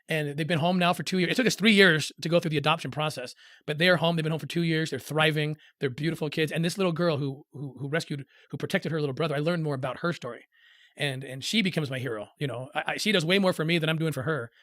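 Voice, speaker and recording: A middle-aged man telling a personal story in an interview, earnest and halting, with many restarts as he acts out the voices of others. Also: a little high, a bit bright, no echo, studio quality. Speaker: interview guest.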